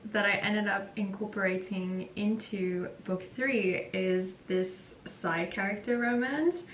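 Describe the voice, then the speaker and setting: A woman's voice: a bit bright, recorded from a distance. A woman from South Africa, an author, chatting casually in a rambling vlog and laughing often. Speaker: author vlogger. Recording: roomy echo, voice from off-mic, faint rumble.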